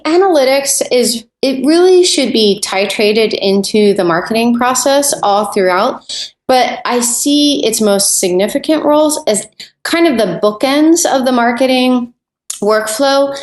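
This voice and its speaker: A woman who is an analytics expert guest on a podcast, explaining at length, thinking aloud with fillers. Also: on the high side. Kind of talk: podcast interview answers. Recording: roomy echo.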